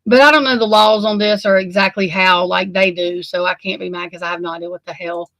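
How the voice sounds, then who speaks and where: A woman's voice: on the low side, steady tone, a little fast, a bit bright, no echo. A woman hosting a casual true crime livestream, sleepy and yawning, rambling and swearing in exasperation as she talks to her chat. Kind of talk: casual live commentary.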